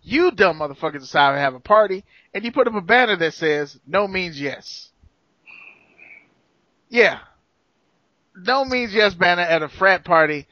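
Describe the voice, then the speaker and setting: A man's voice: high voice, lively intonation, normal speed, pauses often, pushed and bright, dry recording, highs cut off. A man co-hosting a casual podcast, trading joking, profane banter. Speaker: podcast co-host. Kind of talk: casual chat.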